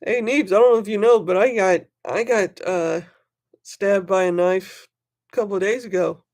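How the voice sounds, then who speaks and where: A knife collector chatting casually on a livestream, excitable and rambling, talking to viewers in the chat by name. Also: mid-range voice, normal speed.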